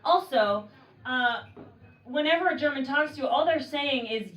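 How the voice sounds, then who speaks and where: A woman's voice: sits high, animated, a little slow, lo-fi sound, background noise. Wry, swearing woman doing stand-up in a bar. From Oakland, California. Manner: conversational, wry, swears freely, acts out quoted voices. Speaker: stand-up comedian. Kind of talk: stand-up comedy set. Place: bar comedy show. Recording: roomy mic from far off, audience laughter.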